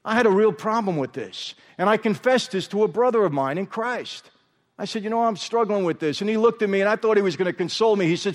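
A man's voice: high voice, animated, quick pace. Emphatic man preaching in a reverberant hall. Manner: emphatic, repeatedly addresses the audience as "people". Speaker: guest speaker. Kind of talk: testimony sermon.

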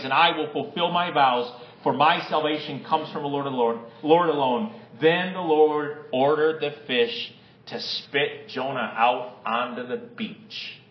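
A man preaching a sermon and reading scripture aloud, with dramatic swings between loud, raised lines and low, hushed ones. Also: reverberant, highs cut off. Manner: dramatic, varies pitch and loudness, drops low and quiet for emphasis. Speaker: pastor.

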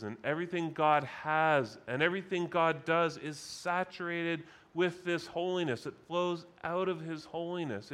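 A man delivering a sermon with a slightly higher-pitched voice. He preaches in a measured, emphatic way and slows down to lean on key words. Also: fairly bright tone.

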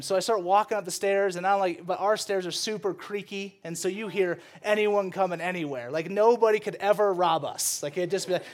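A young man preaching a sermon. He is animated and joking, and he laughs often as he retells stories. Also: high-pitched, brisk, few pauses. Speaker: pastor.

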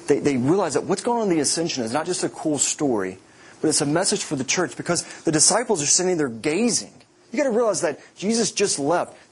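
A man's voice: mid-range voice, breathy edge. A man, a pastor, preaching a sermon with vivid storytelling, often repeating and restarting words.

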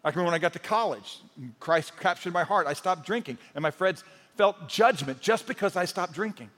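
A man's voice: high-pitched, expressive, brisk, a bit bright. A male pastor preaching a sermon in a conversational, storytelling way, with humor and rising emphasis. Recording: long hall reverb.

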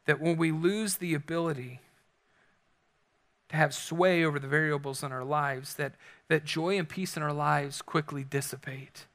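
A man's voice: a little high, fairly even intonation, normal speed, a bit bright. A man in his thirties preaching a sermon through a candid, self-deprecating personal story.

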